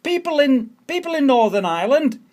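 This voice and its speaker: A Scottish man with a high voice rants furiously, dropping swear words and repeating his points over and over. He sounds fed up and indignant throughout. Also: big pitch swings, brisk, a little mellow. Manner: ranting, swearing, repeating phrases. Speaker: vlogger. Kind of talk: angry political rant.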